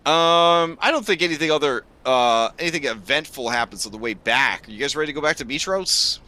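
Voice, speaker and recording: A man's voice: a little high, expressive, fairly quick, pushed and bright. A man running a tabletop game as game master, narrating in a rambling way with lots of fillers and restarts.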